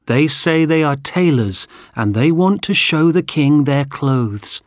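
A man narrating a textbook story in a slow, clear voice. His pitch moves lively and sits a bit high. The studio sound is dry and close. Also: no echo.

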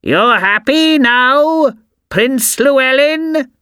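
A man voicing an angry old woman of the forest, a witch, with a slow, shrill, menacing delivery. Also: lively intonation, pushed and bright, clear, resonant tone, dry recording, clean studio sound, exaggerated voice. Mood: shrieking.

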